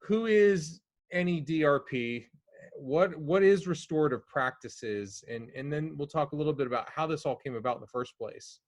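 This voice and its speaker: A man's voice: on the high side, moderate pace, dry recording. A man hosting a podcast over a video call from home, eager and often repeating words as he talks. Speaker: podcast host. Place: home during a storm.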